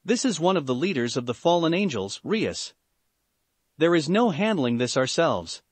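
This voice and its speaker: A man's voice: a little high, sing-song, normal speed, no echo. A man voicing a serious, cautious young devil woman who speaks firmly. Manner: firm, sober.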